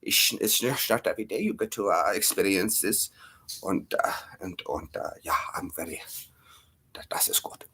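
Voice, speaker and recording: A man doing a playful put-on accent in a breathy, half-whispered voice. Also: deep voice, normal speed, pushed and bright, voice pushed down, exaggerated voice. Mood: hushed.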